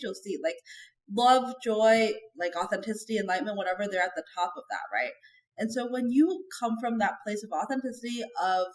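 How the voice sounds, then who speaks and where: A fairly high-voiced woman talks candidly as a podcast guest. Her delivery is chatty and earnest and full of casual fillers. The sound bounces around an echoey room. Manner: chatty and earnest, heavy use of "like". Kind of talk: candid conversational interview.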